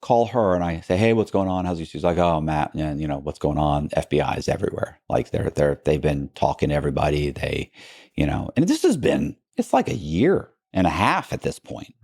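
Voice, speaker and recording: Interview guest, male, low gravelly voice, rambling storyteller who keeps restarting sentences. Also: animated, fairly quick, darkish tone, no room sound, clean studio sound. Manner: rambling, many restarts and asides, acts out quoted people. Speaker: podcast guest. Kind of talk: casual storytelling in a long-form interview.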